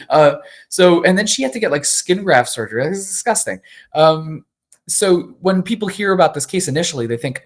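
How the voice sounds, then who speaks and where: A man who is an attorney, speaking as an interview guest, candid and animated with frequent fillers. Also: fairly high pitch, brisk.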